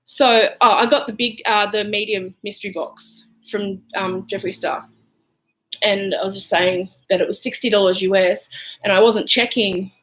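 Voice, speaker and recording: A woman's voice: mid-range voice, steady tone, normal speed, a bit bright, poor audio. Chatty Australian woman doing her makeup. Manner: chatty and rambling, lots of fillers. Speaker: beauty vlogger. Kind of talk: casual makeup chat. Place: at home.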